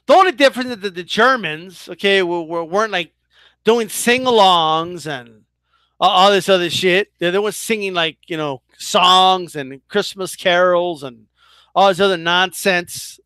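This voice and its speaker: A man's voice: high voice, sharp tone, smooth, no room sound. A man ranting in a casual vlog as a boxing commentator, swearing freely, stumbling into restarts and keeps asking his viewers "right?". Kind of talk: casual opinion rant.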